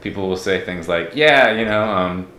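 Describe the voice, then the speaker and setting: A man's voice: low-pitched, animated, normal speed, sharp tone, roomy sound. A man from Mexico talking as a podcast guest, reflective and candid in a casual interview.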